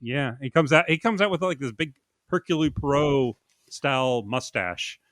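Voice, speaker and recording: A man co-hosting a comedy podcast, easygoing and gently teasing, often repeating himself. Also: medium pitch, animated, moderate pace, no room sound, studio quality. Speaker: podcast co-host. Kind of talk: casual chat.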